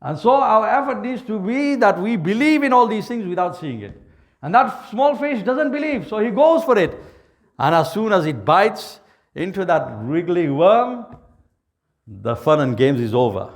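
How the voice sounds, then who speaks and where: A male preacher telling a dramatic parable in a sermon, with lots of vivid detail. His voice is high and swoops widely, and he drops in Urdu and Arabic phrases. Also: very animated, normal speed. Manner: mixes Urdu and Arabic words. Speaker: Islamic preacher. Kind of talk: sermon storytelling.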